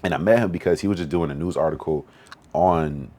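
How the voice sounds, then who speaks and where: A young man with an extremely deep, low voice talks quickly in a relaxed podcast chat. He tells his stories in an animated way and uses a lot of slang. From Western Massachusetts. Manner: fast, animated storytelling with slang. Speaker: podcast guest, event organizer. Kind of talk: casual podcast conversation.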